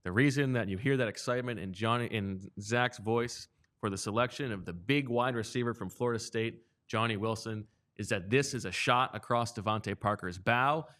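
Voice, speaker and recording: A man trades jokes and jabs with his co-hosts while they wait on a draft pick. His voice sits on the low side, easy and casual. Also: moderate pace, fairly bright tone. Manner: teasing, hums while waiting. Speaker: co-host. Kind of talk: playful live show banter.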